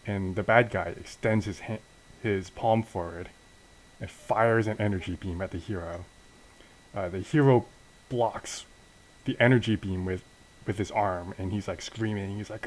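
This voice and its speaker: A man's voice: on the low side, a little slow, rough recording. A young man casually narrating a wrestling game story, hesitant and self-deprecating, often restarting his sentences. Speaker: channel host narrating a wrestling sim.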